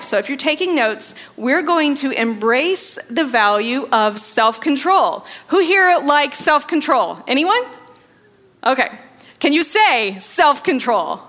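A woman's voice: mid-range voice, fairly bright tone. A woman in her thirties giving a sermon to a church audience, engaging them with questions and laughing at her own jokes. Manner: engaging, asks the audience to respond. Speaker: speaker at a church service. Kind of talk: sermon on faith and finances. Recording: reverberant hall.

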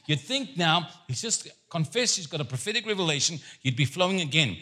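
A man preaching a sermon as a guest speaker, telling stories with jokes and an animated, lively delivery. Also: a little high, a little fast. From Jewish background. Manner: animated, joking storyteller.

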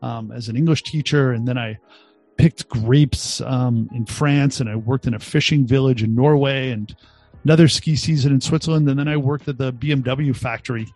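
Man, 50s, Boston accent, animated storyteller, dry mic, soft music bed. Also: mid-range voice, moderate pace, dry recording. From Boston, USA. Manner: exuberant, jokey, acts out quotes in voices. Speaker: guest entrepreneur.

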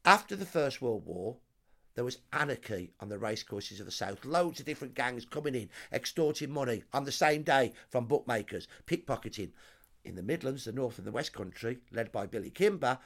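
A man's voice: mid-range voice, animated, brisk. Guy, history guest, tells it dramatic and punchy. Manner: emphatic, dramatic lists. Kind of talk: storytelling explanation.

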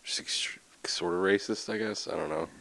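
Man, very low voice, quiet, hesitant, dry remarks. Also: normal speed, gravelly, whispered, rough recording. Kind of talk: casual chat.

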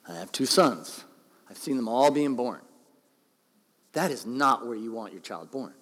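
A middle-aged man giving a sermon as pastor, conversational and joking. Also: medium pitch. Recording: long hall reverb.

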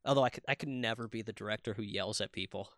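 A man co-hosting a podcast in casual chat, excitable and swearing freely with quick asides. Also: fairly low pitch, no room sound, studio quality. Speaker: podcast co-host.

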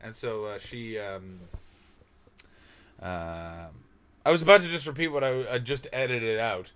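A man's voice: lowish voice, lively intonation, unhurried, a bit bright, clean tone. A man from Canada doing a rambling, profane comic monologue as a podcast host.

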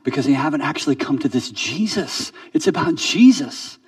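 A pastor preaching in a relaxed, conversational sermon, restarting words and sinking quiet to make a point. He stands back from the mic in a dry, dead room. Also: a little high, normal speed, breathy edge, no echo, distant mic. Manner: conversational, repeats words, drops soft for emphasis.

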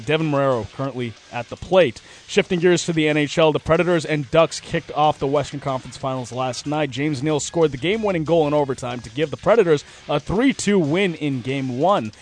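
A man hosting sports radio with a slightly raised pitch. He reads scores briskly and slips into loose, chatty banter. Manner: brisk scripted reads, then laughing banter. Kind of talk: sports news update and casual studio chat.

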